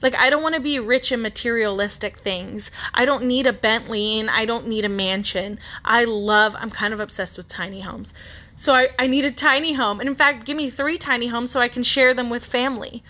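A woman in her thirties talks through a personal story on her podcast, earnest and rambling, often restarting her sentences. Her voice is bright and sits a little high. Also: brisk. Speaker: podcast host. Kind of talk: casual personal monologue.

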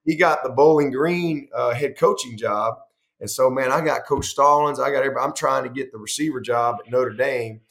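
A middle-aged man, a head football coach, telling long animated stories in a conversational interview, restarting sentences and acting out quoted dialogue. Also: medium pitch, brisk.

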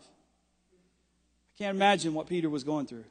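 Passionate preacher, man with a very high voice; hall reverb. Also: unhurried, long pauses. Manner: builds to shouting, passionate. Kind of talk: sermon.

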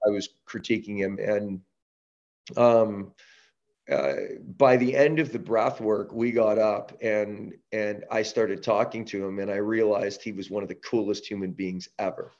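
A man from Canada, a guest on an interview podcast, telling a story with restarts and lively acted-out quotes. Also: fairly low pitch, a little slow, highs cut off. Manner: animated storyteller, many restarts, acts out quotes. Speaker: podcast guest, breath-work company founder.

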